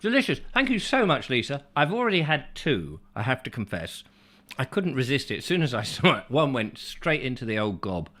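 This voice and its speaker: A man's voice: medium pitch, very animated, fairly quick, sharp tone. A man hosting a chatty live show, reading out viewer comments with playful, rambling asides. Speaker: host.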